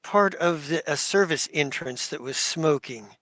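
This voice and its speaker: A man voicing an imperious, commanding male duke who speaks formally and slowly. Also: on the high side, a bit bright, no echo. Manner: formal, pronouncing judgment slowly.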